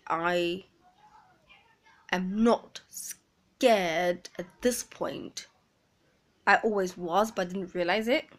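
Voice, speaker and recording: A woman speaking earnestly in a personal confessional vlog, pausing often. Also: mid-range voice, pushed and bright. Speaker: vlogger.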